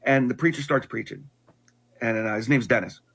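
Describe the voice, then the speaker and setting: A middle-aged man earnestly telling his life story in conversation, halting and restarting often. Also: mid-range voice, gravelly, fairly bright tone, slightly rough, lo-fi sound. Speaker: guest telling his testimony.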